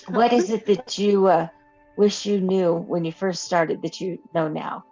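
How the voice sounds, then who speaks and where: A woman co-hosting a podcast, reading out questions with a hesitant, husky way of speaking. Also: medium pitch, a little mellow. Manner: hesitant, many fillers and restarts. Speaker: podcast co-host. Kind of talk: casual podcast chat. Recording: muffled lo-fi audio.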